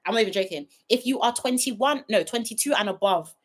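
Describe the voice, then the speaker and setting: A woman hosts a casual live review, talking straight to her audience. Her voice sits fairly high and moves expressively up and down. She often dissolves into laughter as she goes. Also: a little fast. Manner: animated, often breaking into laughter, talking to viewers directly. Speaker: reality TV reviewer hosting a livestream. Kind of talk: casual chat.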